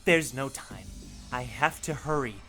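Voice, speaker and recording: A streamer giving let's play commentary with jumpy, excitable reactions while reading a story game aloud. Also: medium pitch, measured pace, soft background music.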